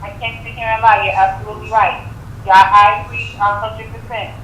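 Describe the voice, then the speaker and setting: Soft-spoken woman caller on an echoey line. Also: medium pitch, level tone, a little fast, slight background noise. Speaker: caller getting a tarot reading. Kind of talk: live call-in conversation.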